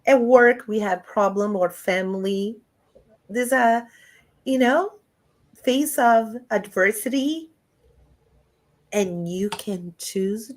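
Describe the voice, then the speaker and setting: A woman giving a lively spiritual talk over a video call, animated and often laughing, with big jumps in pitch. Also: slow, pauses often. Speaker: guest speaker.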